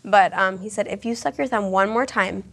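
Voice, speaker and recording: A woman's voice: medium pitch, brisk, creaky, fairly bright tone. A young adult woman co-hosting a casual panel chat, talking in a chatty, filler-heavy way and laughing often. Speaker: co-host.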